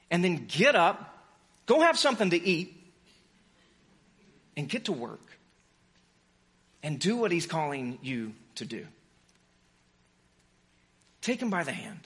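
A man preaching a sermon as pastor, passionate and urgent, swinging between fervent pleas and hushed, quiet lines. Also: a little high, big pitch swings, slow pace, pauses often, slightly rough.

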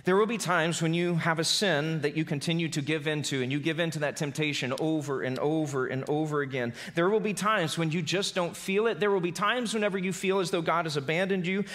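A man preaching a sermon as pastor, swinging from loud emphasis to soft, low delivery.

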